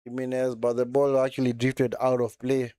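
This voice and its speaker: A man's voice: medium pitch, completely flat delivery, moderate pace, dark tone, clean tone, no room sound, clean studio sound. A man giving casual live football commentary during a watchalong, chatty and reacting as he goes, often tagging sentences with short asides. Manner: chatty, frequent tag words like man and eh.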